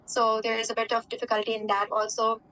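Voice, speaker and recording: A woman's voice: a little high, completely flat delivery, fast, bright, forceful tone, poor audio. Young woman with a Pakistani accent. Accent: Pakistani English. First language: Urdu. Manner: chatty, frequent fillers and "right?" tags. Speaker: interviewee. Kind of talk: casual interview answers.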